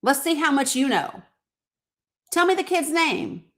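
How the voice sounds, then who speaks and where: A middle-aged woman hosts a casual political commentary live stream, greeting her viewers with blunt sarcasm and free swearing. Her high-pitched voice is a bit bright, a little slow and lively in intonation.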